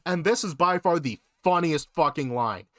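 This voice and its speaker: Junger Mann, der fluchend Anekdoten erzählt. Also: male voice, on the high side, normal speed, no echo, clean studio sound. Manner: profane, animated storytelling. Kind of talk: casual storytelling.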